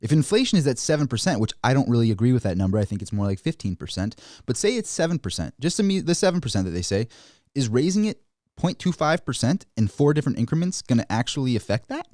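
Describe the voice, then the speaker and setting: Animated man giving market commentary. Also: fast, dry recording, clean studio sound. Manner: animated, mimics officials in high mocking voices. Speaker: finance commentator.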